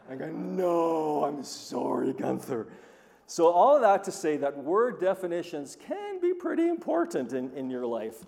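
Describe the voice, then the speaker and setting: A man preaching a sermon who tells stories with animated, acted-out quoted voices. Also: on the high side, a little slow, vocal fry, big-room sound. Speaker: pastor.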